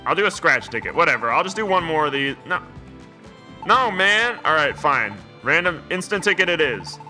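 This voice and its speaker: Bright-voiced young man rambling over gameplay. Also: on the high side, big pitch swings, moderate pace, soft background music. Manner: rambling, jokey, lots of "like" and "man". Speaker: video game let's player. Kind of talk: casual gameplay commentary.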